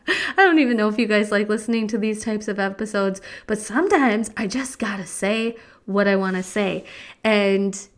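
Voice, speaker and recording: A middle-aged woman hosting a solo podcast, ranting casually and emphatically, with lots of "like" and "right?". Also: medium pitch. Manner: chatty, emphatic, frequent "like" and "right?". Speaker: podcast host and fitness coach.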